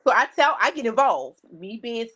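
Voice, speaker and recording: This woman's voice is fairly high and slightly rough, delivered at normal speed. Co-hosting a podcast, she spins a story in casual conversation, animatedly performing the quoted remarks of its characters.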